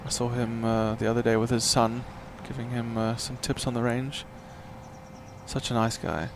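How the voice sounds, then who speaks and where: A man giving live golf commentary in a relaxed, chatty way, with tips and play calls. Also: medium pitch, normal speed, creaky, noisy background.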